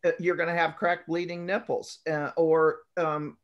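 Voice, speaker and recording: A woman's voice: sits low, flat delivery, normal speed, muffled recording. A woman nurse on a talk show, explaining in an earnest, list-like way. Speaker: guest nurse. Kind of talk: conversational expert talk.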